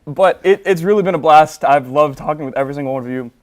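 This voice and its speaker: A man's voice: fairly high pitch, quick pace, slight background noise. A young man, a graduating student on a sports show, giving an impromptu farewell while trying not to cry. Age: young adult. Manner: emotional, fighting back tears.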